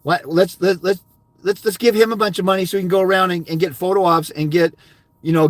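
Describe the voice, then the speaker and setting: Blunt, high-voiced older man ranting. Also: a bit bright, no room sound. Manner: blunt, abrasive and swearing, berating viewers. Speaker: fathers' rights consultant. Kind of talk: profane ranting monologue.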